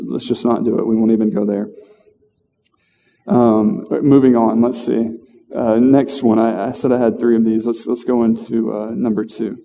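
Gravelly-voiced man preaching in a hall. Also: mid-range voice, warm tone. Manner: conversational, self-deprecating, halting with fillers and restarts. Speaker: lay preacher. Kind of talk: informal sermon. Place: church hall.

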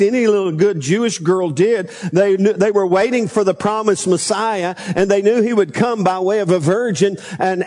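High-voiced preacher in a reverberant hall. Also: male voice, darkish tone. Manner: conversational preaching with call-and-response prompts. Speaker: pastor. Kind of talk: sermon. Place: church sanctuary. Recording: long church reverb.

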